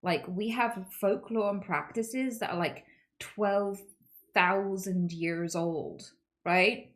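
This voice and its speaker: A woman streaming, chatting casually with viewers in an animated, chatty way and swearing freely. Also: mid-range voice, slow pace. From United Kingdom.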